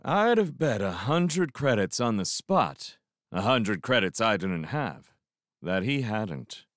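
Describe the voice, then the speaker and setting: A man with a fairly low voice reads a novel aloud in the first person, his pitch rising and falling widely as he acts it out. He lets reflective pauses sit, and the close mic in a dry room keeps him near. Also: no room sound. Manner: expressive reading with reflective pauses. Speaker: fan audiobook reader. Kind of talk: first-person audiobook narration.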